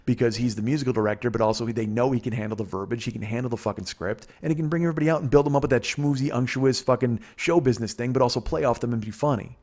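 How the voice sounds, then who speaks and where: Man, podcast host, casual storytelling, profane, rambling, mid-pitched voice. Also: very fast, few pauses. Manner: profane, rambling, animated retelling with quoted voices.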